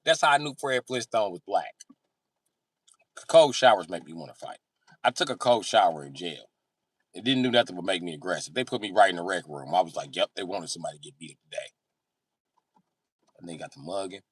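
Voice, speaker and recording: Crude, animated male comedian. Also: low voice, a little fast, husky, dry recording. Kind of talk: profane stand-up storytelling on a live stream.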